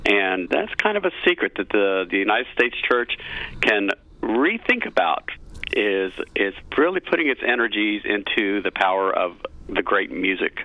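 Man, middle-aged, low voice, tinny dry phone line, earnest choir director. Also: sing-song, normal speed, sharp tone, dry recording. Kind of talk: radio interview guest.

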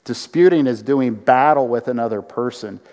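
A man preaching a sermon to a congregation, animated, with acted-out quotes and rising emphasis. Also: medium pitch, normal speed, big-room sound. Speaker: pastor.

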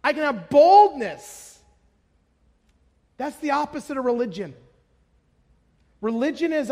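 A man preaching a passionate sermon as pastor, swinging between hushed tones and shouts. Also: extremely high pitch, expressive, moderate pace. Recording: long hall reverb.

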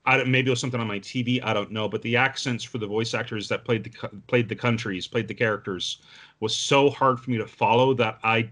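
Bright-voiced man co-hosting a podcast. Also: medium pitch, fairly even intonation, a little fast. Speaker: podcast co-host. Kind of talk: casual chat.

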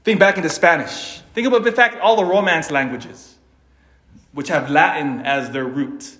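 Animated male preacher, slightly high voice. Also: moderate pace, echoey room. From Philippines (family). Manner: animated, dramatic swings between loud emphasis and quiet asides. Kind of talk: sermon.

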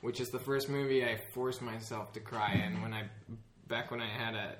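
A man chatting casually as a podcast co-host. He teases his friends and tells stories with lively energy. His voice sounds mid-pitched and carries a noticeable room echo. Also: moderate pace, noisy background. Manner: teasing, animated storyteller. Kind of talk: casual chat.

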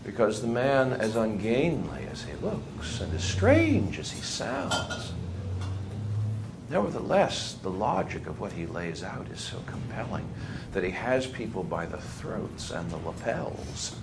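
A man's voice: on the low side, measured pace, vocal fry, noisy background. A man giving a history lecture to a class, telling stories animatedly and laughing as he talks. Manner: animated storyteller, laughs while talking. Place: lecture room with students.

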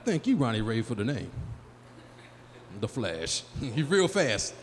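A man in his forties doing a live stand-up set, working the crowd loudly and acting out his friends in high, excited voices. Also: measured pace. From Chicago area. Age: 40s. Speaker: stand-up comedian. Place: small live venue. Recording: live room with long reverb and faint hum.

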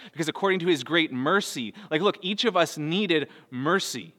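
Pastor in his thirties, earnest preaching, slightly high voice with bright edge. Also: animated, moderate pace, few pauses. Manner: earnest, swings between soft low lines and raised bursts. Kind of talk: sermon. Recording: long hall reverb.

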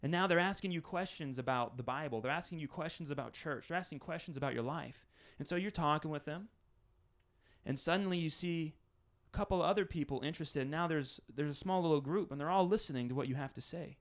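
A man's voice: fairly high pitch, fast talker. Man, pastor, conversational sermon, builds intensity.

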